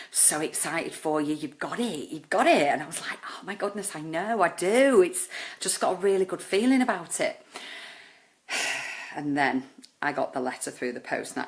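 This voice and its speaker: A woman, earnestly telling a personal story with many fillers. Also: low voice. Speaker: life coach.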